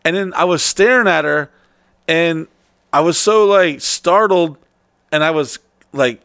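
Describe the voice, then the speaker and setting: A man hosting a podcast, telling a story in casual chat, swearing and excitable. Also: a little high, measured pace, long pauses, clear, resonant tone, no echo, clean studio sound. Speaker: podcast host.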